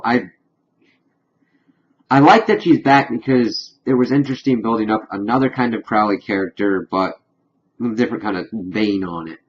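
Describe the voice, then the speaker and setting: A man recapping a TV episode in a casual review vlog, chatty and slipping into quick acted-out asides. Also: on the low side. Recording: dull lo-fi recording.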